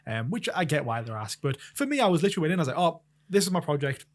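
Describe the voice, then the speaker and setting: Fast-talking man telling stories. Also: fairly high pitch. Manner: animated storyteller, acts out his own panicked reactions with laughter. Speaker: podcast co-host. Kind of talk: casual chat.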